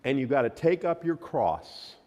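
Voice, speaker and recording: A man preaching a sermon as pastor, emphatic, his voice swinging from loud declarations to quiet, low lines. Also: sing-song, moderate pace. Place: church sanctuary. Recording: long hall reverb.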